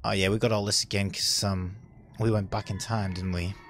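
A young man giving casual, sarcastic gameplay commentary, chatty and swearing, with sudden loud outbursts. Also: fairly low pitch, level tone, brisk, faint music behind. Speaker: let's play gamer.

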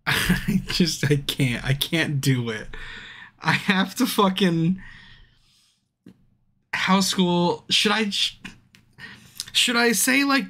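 A drunk man streaming a game, chatting casually, swearing constantly and bursting into yells at the screen. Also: high voice, expressive, very slow, long pauses. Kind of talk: casual livestream commentary. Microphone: streaming mic.

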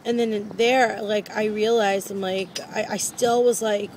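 A woman's voice: medium pitch, fairly even intonation, unhurried, few pauses, a little mellow. Woman vlogging about something scary, rambles a lot, um like, kinda noisy recording. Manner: rambling and repetitive, with many fillers. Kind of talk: personal vlog confession.

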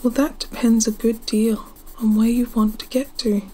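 A woman reading the lines of a sly, grinning male cat in a storybook, softly and half-whispered. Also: fairly high pitch, flat delivery, slight background noise, natural voice. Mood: teasing. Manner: soft, slow, half-whispered.

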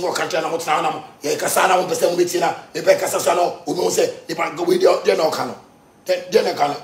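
A Ghanaian man goes off on a live stream in a high, gravelly voice. He is animated, mixing pidgin with local words and bursting into shouts. The sound is roomy and echoey. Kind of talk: heated live-stream rant.

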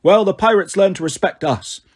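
A man's voice: high-pitched, moderate pace, slightly rough. A man voicing an icy warrior queen. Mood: cold. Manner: icy, commanding. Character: proud exiled woman warrior queen, cold.

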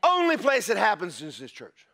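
A man preaching a sermon as pastor, animated and breaking into shouted praise. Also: high voice, normal speed.

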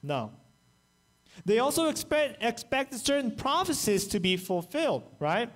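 High-voiced man preaching a sermon. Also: unhurried. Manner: animated storytelling, acts out quoted voices. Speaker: pastor. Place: church, online service.

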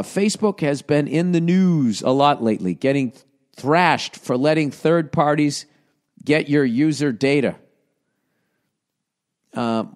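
Podcast host, middle-aged man, Boston accent, sarcastic ad reads full of swearing riffs. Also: mid-range voice. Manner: profane, sarcastic, shifts between reading copy and riffing. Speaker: podcast host reading ads. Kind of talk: ad read with riffing asides.

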